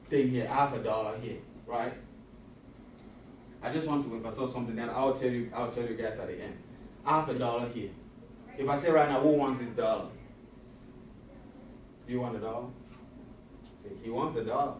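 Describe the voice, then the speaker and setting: A man delivers a motivational talk to a room of high school students, hammering each point through repetition and questions to the crowd. His voice carries from well away from the microphone and rings around an echoey hall, with a faint hum of room noise underneath. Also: normal speed, pauses often. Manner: emphatic and repetitive, asks the audience questions. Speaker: motivational speaker. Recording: echoey room recorded from a distance.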